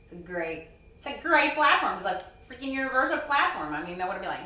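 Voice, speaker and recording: A woman's voice: fairly high pitch, big pitch swings, fast, sharp tone. A woman being interviewed as a wrestling promoter and wrestler, chatting casually and filling her talk with "you know" and "girl". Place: convention hall. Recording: roomy echo from a distant mic.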